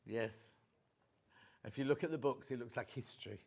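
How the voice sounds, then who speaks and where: A man's voice: mid-range voice, moderate pace, creaky. A man, presenting live on a TV shopping channel in a chatty, storytelling way. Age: 60s. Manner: chatty, anecdotal, animated storyteller. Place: TV studio.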